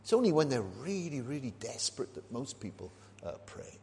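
A man's voice: mid-range voice, very animated, fairly quick, creaky, a little mellow. A man, a minister preaching a sermon, talking conversationally and asking and answering his own questions. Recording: long reverb of a large hall.

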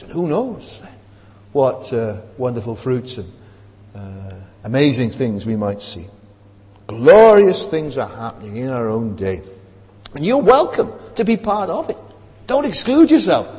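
A middle-aged male preacher giving a chatty sermon, with a pitch that rises and falls widely as he goes. He often tags his points with "isn't it?" His voice rings with a long reverb through the chapel. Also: wildly swooping pitch, moderate pace, darkish tone. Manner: conversational, keeps asking "isn't it?".

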